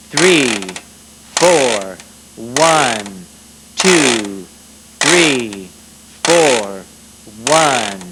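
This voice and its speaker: A man's voice: fairly high pitch, background noise. A man teaching percussion in an instructional video, explaining patiently and counting beats aloud while he plays. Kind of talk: instructional demonstration.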